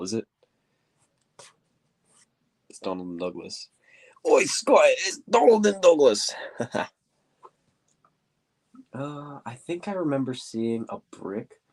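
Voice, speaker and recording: A man with a deep, stuffy voice, answering viewer questions in a casual livestream, rambling and hunting for words. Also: a little mellow. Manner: rambling, searches for words, says quote-unquote often. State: stuffy nose. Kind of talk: casual livestream chat while building.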